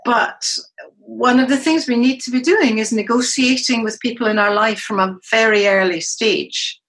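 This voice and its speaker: A woman's voice: on the high side, moderate pace, low-quality recording. A middle-aged woman, a psychologist and coach, speaking as a podcast guest and acting out the dialogue she quotes as she tells stories. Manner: animated storyteller who acts out quoted dialogue.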